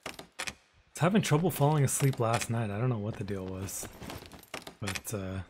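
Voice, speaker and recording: A man streaming a video game live, chatting casually with viewers, relaxed and rambling, often trailing off into quiet mumbles. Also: fairly low pitch, normal speed, background noise.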